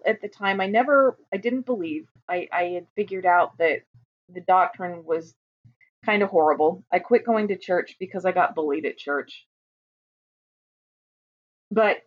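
A woman in her fifties from Utah, earnestly telling her own story as an interview guest, emphatic and often restarting her sentences. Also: medium pitch. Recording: muffled lo-fi audio.

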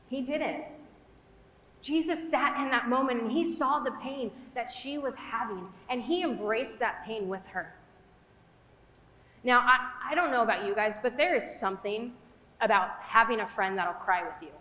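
A young woman with a fairly high voice preaches in a relaxed, conversational way, peppering her talk with fillers. Her voice rings out in a roomy hall with a long, trailing reverb. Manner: chatty, conversational, with frequent fillers. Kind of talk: casual sermon.

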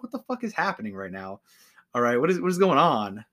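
A young man co-hosting a podcast, chatting casually, swearing and laughing, with lively mock-shouted quotes. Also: mid-range voice, fast talker. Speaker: podcast co-host. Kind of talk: casual chat.

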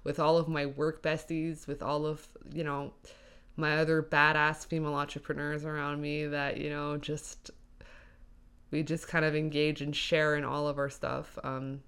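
A woman's voice: deep voice, monotone, moderate pace, a bit bright, clean tone. A young woman hosting her own podcast, rambling through a solo monologue with many fillers, tired but upbeat. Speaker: podcast host.

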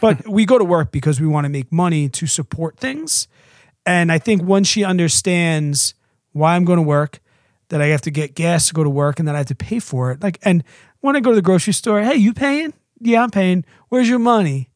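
A man in his thirties co-hosting a relaxed podcast, chatty and fond of mimicking a toddler in a squeaky voice. His voice sits a little high, and the sound is close and dry with no room around it. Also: a little fast, no echo. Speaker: podcast co-host. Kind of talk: casual podcast chat.

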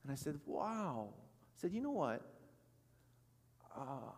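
A man in his thirties preaching a sermon as pastor, telling a story with acted-out quotes and swinging between loud and soft. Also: fairly high pitch, very animated, slow, in a large hall. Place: church sanctuary.

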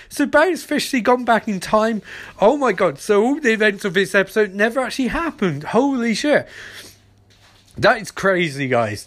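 A man giving a casual, excitable recap of a TV episode, often exclaiming and swearing, and dropping his voice low for dramatic moments. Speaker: TV episode reviewer.

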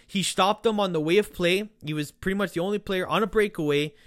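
A man hosting a football podcast, ranting sarcastically and swearing as he talks to the players directly, his voice worn from yelling. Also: high-pitched, quick pace, few pauses, dry recording, studio quality. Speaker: podcast host. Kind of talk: casual football rant.

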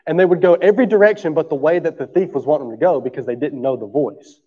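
A man's voice: fairly high pitch, quick pace, breathy edge. A male pastor preaching a sermon in a church, talking to the congregation in an easy, conversational way, often checking in with "right?", and coughing now and then. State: coughing through the talk. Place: church sanctuary. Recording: dull sound with long hall reverb.

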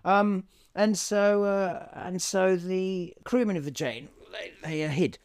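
A man co-hosting a comedy podcast, rambling through improvised chat with deadpan absurd asides and many ums. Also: high voice, slow pace, few pauses, smooth.

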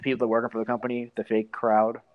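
A man's voice: medium pitch, completely flat delivery, quick pace, narrow, tinny audio. A man co-hosting a casual podcast over an online call. He rambles, restarts his sentences and stacks up fillers. He swears freely as he goes. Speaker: podcast co-host.

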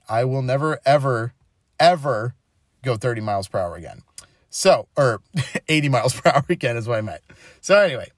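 A man's voice: mid-range voice, dry recording, clean studio sound. A man in his twenties hosting a podcast, telling a story and giving a devotional talk in a chatty way, laughing often. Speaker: podcast host.

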